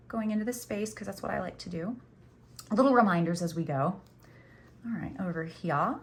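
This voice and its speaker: A woman's voice: medium pitch, lively intonation, moderate pace, slight background noise. Chatty woman crochet host. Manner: chatty, self-teasing, says "y'all". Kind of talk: casual tutorial chat while crocheting.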